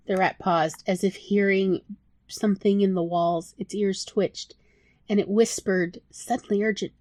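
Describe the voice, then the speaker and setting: A woman narrating her own story in a soft, emotional audiobook style. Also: mid-range voice, steady tone, moderate pace, dry recording. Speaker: author reading own story.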